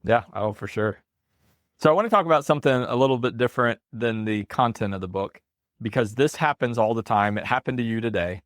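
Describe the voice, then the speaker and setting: A man's voice: medium pitch, brisk, dry recording, clean studio sound. A man hosting a podcast interview, affirming his guest and asking open questions. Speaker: podcast host. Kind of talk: interview conversation.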